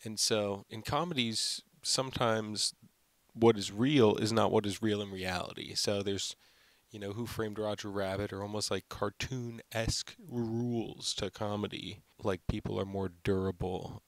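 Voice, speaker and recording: A man's voice: on the low side, steady tone, a little slow, no echo. A young man hosting his own film channel, giving an unscripted, rambling review full of "like" and fillers. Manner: rambling, heavy use of "like" and fillers.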